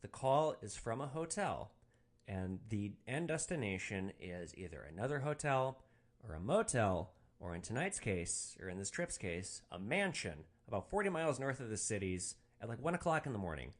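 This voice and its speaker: A man hosting a podcast, telling a story about his rideshare driving in a casual, animated way and swearing freely. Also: fairly low pitch, normal speed. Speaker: podcast host, rideshare driver.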